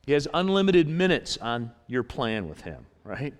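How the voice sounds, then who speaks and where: Guy preaching in a church, smooth ringing voice, repeats stuff, echo off the hall. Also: mid-range voice, moderate pace. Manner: animated, repeats phrases, acts out voices in quotes. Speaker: pastor. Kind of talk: sermon. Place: church sanctuary.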